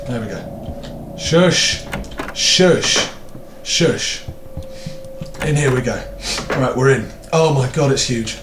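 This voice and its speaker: A man's voice: mid-range voice, unhurried, pauses often, echoey room, noisy background. A British man commentating a horror game, nervous and jokey, swearing a lot and screaming in fright. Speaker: gaming YouTuber.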